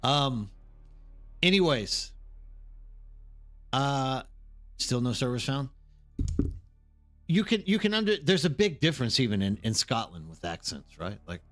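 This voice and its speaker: This livestream host is a weary Houston, Texas man with a mid-range, slightly bright voice. Chatty and rambling, he reads viewer messages aloud and leans heavily on "like" and "dude."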